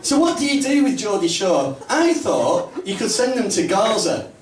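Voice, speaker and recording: Northern English stand-up comic, lively pitch. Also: male voice, normal speed, noisy background. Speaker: stand-up comedian. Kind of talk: stand-up comedy set. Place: small comedy club in a pub. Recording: roomy, distant live mic, faint ambience.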